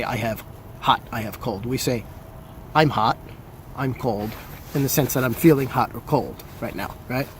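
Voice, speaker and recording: A man's voice: mid-range voice, darkish tone, a little hiss or hum. A man from New Jersey with an American accent, teaching an Italian lesson, patiently repeating examples and switching between English and Italian. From New Jersey, USA. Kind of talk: language lesson.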